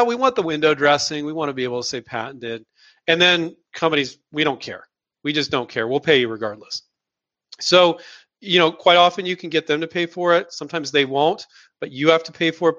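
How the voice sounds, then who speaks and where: A man hosts a live question-and-answer stream, answering viewers bluntly and hammering points home by repeating words. His voice is slightly high and bright with a forceful edge. The audio is dull and lo-fi. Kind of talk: live Q&A advice.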